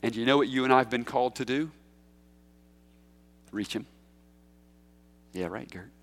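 A man preaching a sermon in a conversational, emphatic way, with big swings in pitch and loudness. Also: normal speed. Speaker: pastor. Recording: echoey hall.

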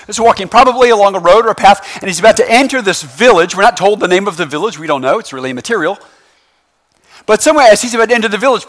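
A man preaching a sermon in a church, in a loose, conversational way, tossing in slangy phrases and frequent "right?" checks with the congregation. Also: sits high. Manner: lively, conversational preaching with constant "right?" asides. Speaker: pastor.

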